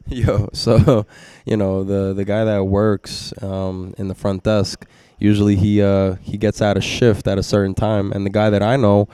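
Young New York man, lowish smooth voice, animated storyteller who swears and acts out quotes. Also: a little slow, few pauses. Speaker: podcast guest. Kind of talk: casual storytelling chat.

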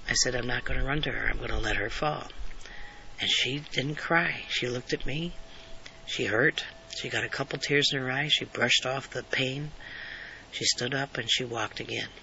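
A man's voice: medium pitch, gravelly, pushed and bright, muffled recording, slight background noise. A man telling an earnest personal story, repeating phrases and sometimes dropping almost to a whisper.

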